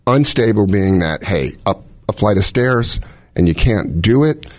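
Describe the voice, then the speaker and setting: A man's voice: fairly low pitch, lively intonation, a little slow, darkish tone, no echo. A middle-aged man, a cardiologist, explaining heart conditions in casual chat with analogies and quoted scenarios. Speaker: cardiologist host.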